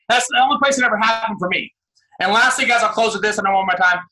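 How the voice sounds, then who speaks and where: Fired-up man shouting a pep talk. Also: sits high, fast, poor audio. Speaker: guest speaker on a team call.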